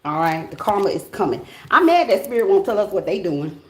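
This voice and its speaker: A woman's voice: mid-range voice, big pitch swings, fairly quick, roomy sound. An American woman giving a casual tarot reading, talking bluntly and animatedly, with plenty of slang and swearing. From United States. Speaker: tarot reader.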